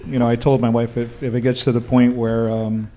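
A man with a Hawaiian accent, a ghost tour guide and storyteller, speaks at a medium pitch in a level, brisk tone over crowd noise. He shares ghost-tour stories with laid-back, dry humor in a casual chat recorded live in a bar.

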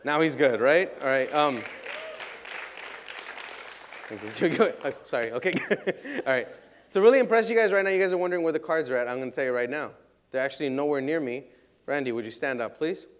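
A man performing card tricks for an outdoor crowd, joking and teasing volunteers, now and then shouting to hype them up. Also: mid-range voice, brisk, pauses often. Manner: playful, teasing, bursts into loud hype. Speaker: street magician.

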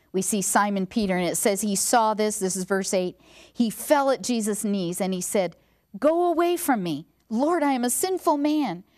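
Expressive woman telling Bible stories. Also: mid-range voice. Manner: expressive storyteller, drops to a soft hush for emphasis. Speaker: devotional and health segment host. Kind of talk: devotional Bible talk.

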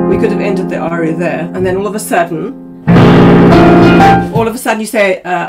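A woman coaching opera singers in a masterclass, probing and quick, humming snippets of the music as she talks. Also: mid-range voice. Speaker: vocal coach.

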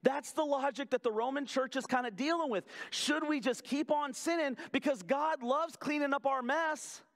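A man preaching a sermon as pastor, talking conversationally with sarcastic asides and slowing right down on emphatic phrases. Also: very high voice, fairly bright tone.

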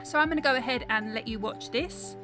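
A woman's voice: a little high, fairly quick, music in the background. A young woman with a South East London accent, talking through an embroidery tutorial step by step in a chatty, apologetic way. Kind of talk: voice-over tutorial narration.

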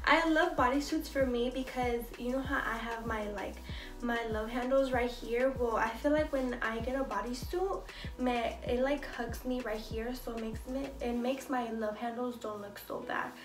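A woman's voice: a little high, normal speed. A young woman, chatting casually through a clothing try-on haul, blunt and swearing constantly. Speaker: fashion vlogger. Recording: echoey room, faint music behind.

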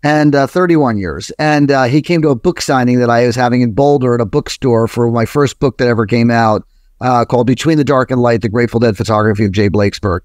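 A man in his sixties from New Jersey, talking as a podcast guest and telling a long anecdote in a loose, rambling way with lots of fillers and an occasional curse. His voice sits at an ordinary middle pitch. The sound is close and dry. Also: brisk, dry recording. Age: 60s. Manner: rambling, frequent fillers and restarts, profane. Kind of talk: casual interview storytelling.

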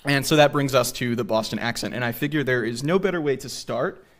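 Young male lecturer, mid-pitched, easygoing and chatty, speaking to a small theater audience. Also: fairly quick. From New England. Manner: conversational, frequent ums and tag "right?". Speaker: local history lecturer. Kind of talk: public lecture with slides.

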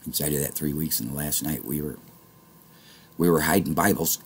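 A man with a very deep, gravelly voice speaks straight to his viewers in a rambling monologue. His tone is husky and rough at the edges. He drifts between quiet muttering and angry, cursing outbursts. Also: steady tone, brisk, pauses often. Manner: rambling, swings from muttering to shouting angrily, swears often. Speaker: vlogger.

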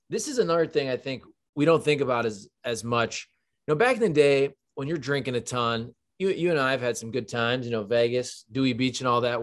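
Relaxed conversational man, mid pitch. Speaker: podcast co-host. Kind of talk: casual sports betting chat.

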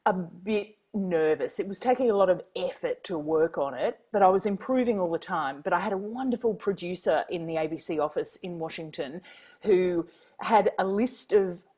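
An Australian woman from Queensland, a guest author telling lively stories, laughing often and acting out quoted dialogue. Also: lowish voice, normal speed, breathy edge. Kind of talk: casual storytelling.

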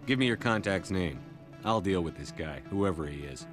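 An actor playing a male human space commander, firm, protective and steady. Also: moderate pace, over music. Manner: firm, protective, low and even.

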